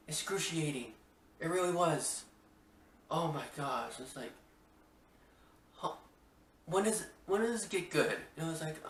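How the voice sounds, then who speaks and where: This Washington State man hosts a loose movie review podcast, talking in an excited, meandering way full of false starts. His slightly high, fairly bright voice is picked up by a distant mic in an echoey room, with slight background noise.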